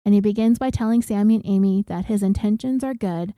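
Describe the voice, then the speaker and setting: A woman's voice: medium pitch, quick pace, hardly any pauses, dark tone, dry recording. Blunt, profane woman podcast host. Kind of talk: casual retelling of a TV episode.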